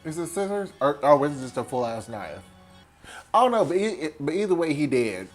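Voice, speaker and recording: A man's voice: on the high side, faint music behind. Tipsy man doing a profane movie recap. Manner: animated, profane, mimics characters in quick bits. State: tipsy from wine. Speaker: host.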